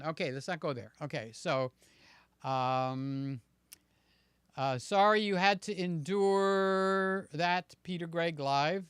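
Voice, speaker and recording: Clear-voiced man rambling on a livestream. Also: fairly high pitch, takes it slowly, fairly bright tone, dry recording, clean studio sound. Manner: rambling, affectionate, greets viewers by name. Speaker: livestream host. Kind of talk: casual live-stream chat.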